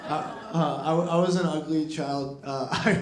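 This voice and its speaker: A man's voice: a little high, steady tone, unhurried. A young man doing a stand-up set in a comedy club, rambling and self-deprecating with lots of fillers. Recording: roomy club with crowd laughter.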